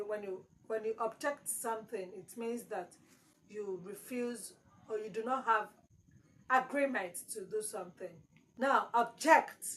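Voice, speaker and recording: A woman's voice: fairly high pitch, rough recording. A woman teaching exam prep, repeating key words with strong emphasis. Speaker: English teacher.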